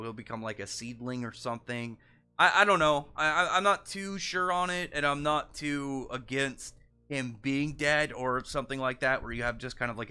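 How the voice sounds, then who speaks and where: A man's voice: medium pitch, pushed and bright, clean tone. A young man reviewing a manga chapter in casual solo commentary, rambling with frequent restarts and lots of filler words.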